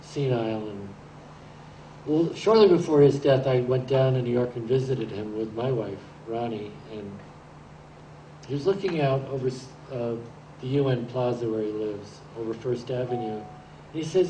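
A man in his sixties giving a rambling, anecdotal talk about his photographs, halting now and then as he tells his stories. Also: medium pitch. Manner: rambling storyteller, relaxed and halting. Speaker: photographer presenting his pictures. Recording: roomy echo, distant mic, faint hiss.

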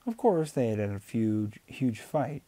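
A man reads a novel aloud at a steady pace, stumbling and restarting now and then. His voice is mellow and mid-pitched. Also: unhurried. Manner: steady, with small slips and restarts. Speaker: amateur reader. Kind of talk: audiobook reading.

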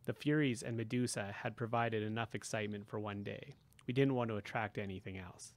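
A man reading a novel aloud as first-person narration, in a steady, low-key storytelling manner. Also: fairly quick, no room sound. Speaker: audiobook reader.

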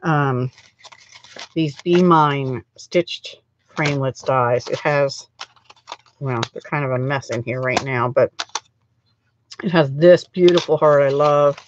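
A woman's voice: very deep voice, takes it slowly, long pauses, highs cut off. A middle-aged woman hosting a live crafting stream, chatting in a rambling way as she works, her throat still scratchy from a cold. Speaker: craft channel host.

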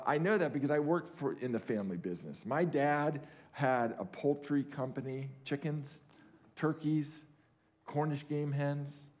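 A man's voice: a little high, darkish tone. A middle-aged man preaching a sermon at a family camp, earnest, repeating key phrases for emphasis. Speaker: camp speaker. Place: camp meeting hall.

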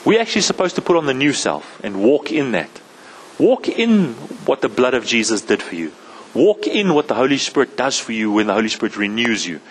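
A man's voice: medium pitch, big pitch swings, fairly quick, husky, rough recording. A man with a South African English accent preaching a sermon as pastor, often asking "Amen?" and repeating phrases as he builds a point. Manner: repeats and restarts phrases, calls out "Amen?" to the congregation.

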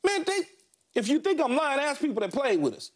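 A middle-aged man co-hosting a sports talk show, telling stories about his playing days in animated, punchy fragments with lots of repeats. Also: extremely high pitch, a little fast. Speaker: sports talk show co-host, former NFL receiver. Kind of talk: casual sports talk storytelling.

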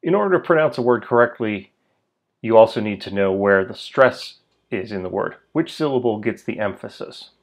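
Male language teacher, lowish voice, unhurried, repeats words for drills. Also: expressive. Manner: slow, deliberate, repeats words for learners. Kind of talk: pronunciation lesson.

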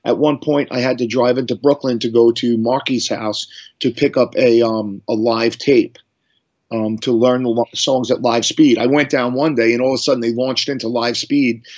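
A man's voice: medium pitch, steady tone, normal speed, a little mellow. A middle-aged man from Long Island, a guest musician telling stories in a casual interview, rambling with many restarts and fillers. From Long Island, New York. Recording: slightly muffled audio.

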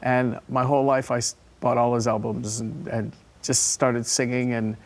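A man's voice: medium pitch, little pitch movement, normal speed. Man telling stories in a TV interview. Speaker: tribute performer guest. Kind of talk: live studio interview. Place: TV studio.

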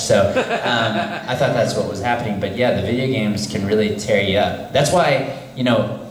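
A man's voice: fairly low pitch, normal speed, slight background noise. A man speaking as a voice actor on a convention panel, telling a story in a playful way. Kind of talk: convention Q&A chat. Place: convention hall. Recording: roomy convention hall.

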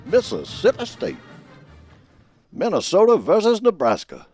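A man's voice: fairly high pitch, huge pitch swings, normal speed, a little mellow, faint music behind. An older man hosting a comic football prediction show, reading alliterative scripted picks in a folksy, sing-song way. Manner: folksy, sing-song delivery full of wordplay.

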